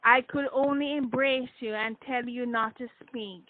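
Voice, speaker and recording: A woman voicing a gentle, earnest man back from another world, speaking calmly and formally. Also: fairly high pitch, unhurried, close to an everyday voice. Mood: tender. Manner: calm, formal speech. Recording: tinny phone-like dry sound.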